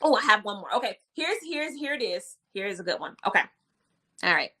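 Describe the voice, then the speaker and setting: A woman running a live-stream nursing exam review, lively and teasing, repeating phrases and chatting with her viewers. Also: medium pitch, brisk.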